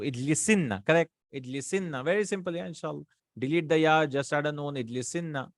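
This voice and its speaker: A man's voice: fairly high pitch, a bit bright, no echo, studio quality. Patient male Arabic grammar teacher. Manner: patient, drills words aloud, asks and answers himself. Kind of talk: explaining grammar exercises.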